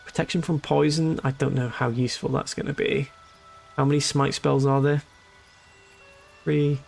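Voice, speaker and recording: A man's voice: medium pitch, flat delivery, moderate pace, gravelly, a little mellow, faint music behind. A man giving casual, joking let's-play commentary as a streamer, rambling and amused at his own jokes.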